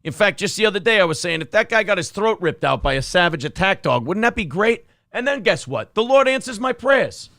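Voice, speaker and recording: Gravelly sarcastic male co-host. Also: high voice, a little fast, hardly any pauses, no room sound, clean studio sound. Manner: sarcastic, mocking, animated. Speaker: podcast co-host. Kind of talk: comedic news banter.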